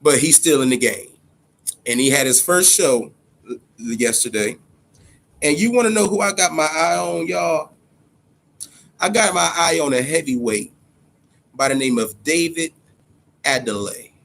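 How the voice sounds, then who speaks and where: A man riffing casually on boxing news with a profane, animated storytelling manner. His voice sits a touch higher than most men's. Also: a little slow, vocal fry, pauses often. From Ohio, USA. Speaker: boxing commentator.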